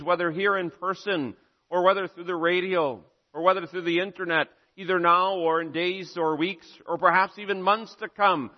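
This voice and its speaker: Solemn preaching man in a reverberant hall. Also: high voice. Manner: measured, solemn preaching with rising emphatic repetitions. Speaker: pastor. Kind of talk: sermon. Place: church sanctuary. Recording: muffled sound with long hall reverb.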